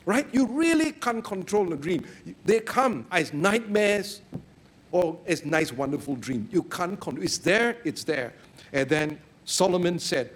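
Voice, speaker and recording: A man preaching a sermon, telling stories in a lively way and breaking into sudden loud exclamations. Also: high voice, a little slow.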